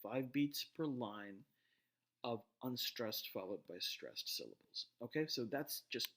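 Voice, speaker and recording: A man giving a recorded class lecture, explaining patiently with frequent pauses, fillers and restarts, often checking in with "right?". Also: mid-range voice, lively intonation, fairly bright tone.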